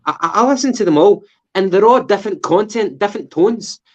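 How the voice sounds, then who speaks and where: Sweary Scottish man, slightly high voice. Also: lively intonation, brisk. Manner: sweary, rambling with restarts. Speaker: podcast co-host. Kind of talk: casual football chat. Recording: dull lo-fi sound.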